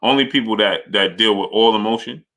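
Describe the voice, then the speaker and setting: A man with a low but bright, forward voice runs a live boxing chat stream. He rattles off viewer names between points and argues back at the chat with conviction. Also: a little fast. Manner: greets viewers by name, argues forcefully. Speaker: boxing channel host.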